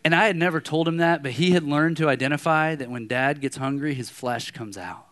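A man's voice: on the high side, a little fast. A man in his thirties preaching a sermon as a pastor, telling personal stories in a conversational way and acting out anger. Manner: conversational storytelling, animated when acting out anger.

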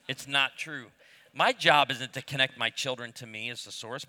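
A man in his fifties preaching a sermon, telling humorous stories and acting out the voices of the people in them. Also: mid-range voice. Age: 50s. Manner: animated storyteller, acts out voices. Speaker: pastor. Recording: long hall reverb.

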